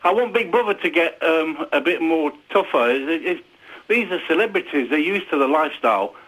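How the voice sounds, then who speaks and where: A man's voice: a little high, animated, moderate pace, a bit bright, husky. A man calling in to a phone-in show, blunt and insistent. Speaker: caller. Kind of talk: phone-in call. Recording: phone line.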